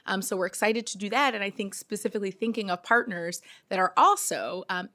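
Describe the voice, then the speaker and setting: A woman testifying at a council hearing as a city health official, measured and earnest, with frequent ums. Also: fairly low pitch, a bit bright.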